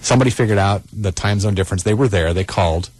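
A man's voice: fairly low pitch, quick pace, darkish tone, no room sound. A man hosting a radio show from a studio, chatting casually and animatedly with his co-host and laughing easily. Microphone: studio microphone.

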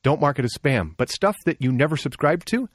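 Man, radio co-host, animated pitch, bantering, direct advice, dry sound. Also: brisk, husky, no echo. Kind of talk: casual radio tech talk.

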